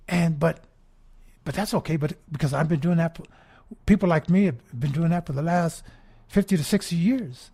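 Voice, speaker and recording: A man with a high-pitched, slightly mellow voice runs a political talk radio show as a rambling commentary monologue. He keeps repeating words and asking "right?", and he mocks the people he quotes by putting on voices.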